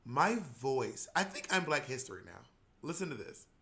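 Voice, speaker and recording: A man co-hosting a podcast in casual chat, animated and laughing, often acting out voices. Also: mid-range voice, moderate pace, gravelly. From not from New York. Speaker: podcast co-host.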